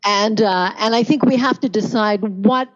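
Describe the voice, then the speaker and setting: Canadian woman, pronunciation coach, measured and thoughtful, mid-pitched voice, dull lo-fi audio. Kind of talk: casual interview talk.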